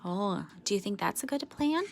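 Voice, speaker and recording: A woman voicing a calm, thoughtful young boy teammate in a read-aloud storybook, speaking mildly. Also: mid-range voice, normal speed, vocal fry.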